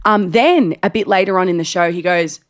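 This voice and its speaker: A woman's voice: fairly low pitch, brisk. A woman co-hosting a podcast, telling stories in casual chat with lots of laughter. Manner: lively storytelling with laughter. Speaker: podcast co-host.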